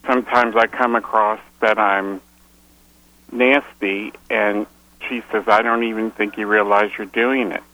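A man calling an advice show, halting and unsure with many pauses and fillers. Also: lowish voice, level tone, bright, forceful tone, lo-fi sound. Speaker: caller. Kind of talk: call-in conversation.

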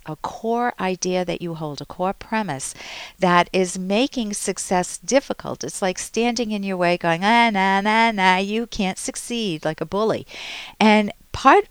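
Woman, advice show host, earnest coaching tone, smooth clear voice, dry studio sound. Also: mid-range voice, dry recording. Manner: earnest, coaching, reads listener letters aloud. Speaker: radio psychologist host.

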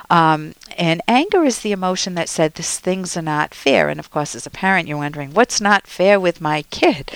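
A woman's voice: lowish voice, creaky, no room sound. A woman hosting a radio advice show as a psychologist, explaining feelings in an earnest, teacherly way. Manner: earnest, explanatory, acts out quoted voices.

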